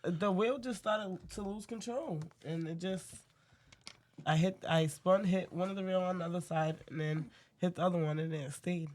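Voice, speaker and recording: A woman telling a story in casual chat, halting and hesitant, with lots of "like". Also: fairly low pitch, a little mellow. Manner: hesitant, halting, filler-heavy.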